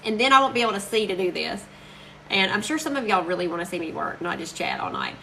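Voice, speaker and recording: A woman's voice: mid-range voice, wildly swooping pitch, gravelly, bright, forceful tone, a little hiss or hum, rough recording. A woman chatting casually and gushing to viewers while crafting on a live stream. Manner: chatty, gushing, quick to laugh.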